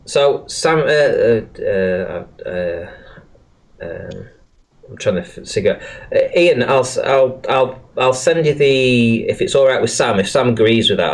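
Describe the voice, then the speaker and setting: A man's voice: low-pitched, unhurried, vocal fry. A man hosting a casual livestream, swearing often and hesitating with many fillers. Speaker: livestream host.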